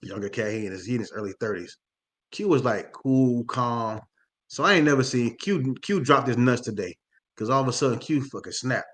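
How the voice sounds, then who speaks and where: A man telling a story in casual podcast chat, animated and profane, acting out the voices of the people in it. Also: mid-range voice, brisk.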